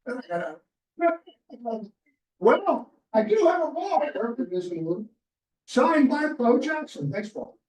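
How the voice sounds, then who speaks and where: Very high-pitched and very animated, this man speaks a little slowly while telling a rambling sports anecdote to a small club gathering. As a chapter member in a restaurant meeting room, he quotes the people in the story as he retells their conversation, and the distant mic yields a roomy recording.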